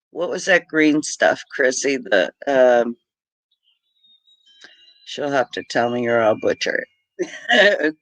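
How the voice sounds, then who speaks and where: A man's voice: mid-range voice, a bit bright, smooth, dry recording, poor audio. A middle-aged man from Britain hosting a casual livestream, chatty and laughing often as he greets viewers by name. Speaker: homestead livestream host.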